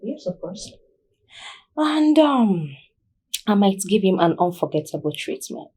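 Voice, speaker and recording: A woman's voice: mid-range voice, sing-song, a little slow, dark tone, slight background noise. An actress with a Nigerian accent plays a young woman coyly dodging questions, slipping into Pidgin. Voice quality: coy, evasive, switching into Pidgin. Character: Amanda, young woman boasting of new wealth.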